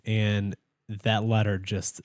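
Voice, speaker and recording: A man's voice: on the low side, flat delivery, slow pace, darkish tone, dry recording. A young man co-hosting a podcast in a studio, telling a long story in casual chat, full of fillers and restarts. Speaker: podcast co-host.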